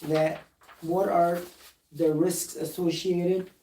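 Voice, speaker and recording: A man's voice: sits high, little pitch movement, takes it slowly, dark tone, echoey room, far from the mic, a little hiss or hum, poor audio. A man who is a plastic surgeon, speaking earnestly and emphatically and reading documents aloud during a recorded live discussion.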